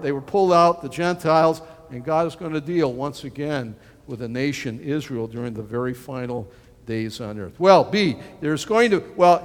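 A male preacher delivering a sermon in a folksy, animated way, acting out the people he quotes. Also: on the high side. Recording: long reverb of a large hall.

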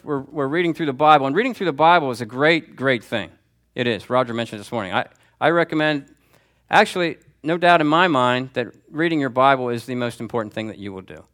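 A man's voice: medium pitch, fairly bright tone. A man preaching a sermon as pastor, in a conversational, emphatic style that repeats key phrases.

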